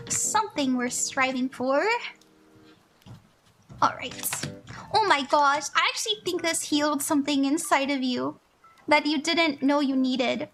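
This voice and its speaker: A young woman reading tarot cards live for her chat, gushing and emotional, laughing often as she talks to viewers. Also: high-pitched. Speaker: livestream tarot reader. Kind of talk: casual livestream chat. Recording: faint music behind.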